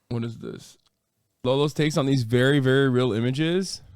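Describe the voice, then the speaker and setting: A man's voice: medium pitch, creaky, darkish tone, no room sound, clean studio sound. A man hosting a livestream, reacting in casual, profane and incredulous commentary. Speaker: livestream host.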